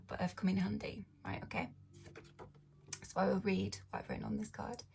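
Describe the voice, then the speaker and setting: A woman with a slightly croaky voice giving a tarot reading, talking slowly and softly, often half-whispering, and checking in with her listeners as she explains. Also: medium pitch, very animated, slight background noise. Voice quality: husky, often drops to a whisper. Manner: unhurried, explains with fillers and checks in. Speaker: tarot reader. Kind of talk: slow, soft-spoken tarot reading.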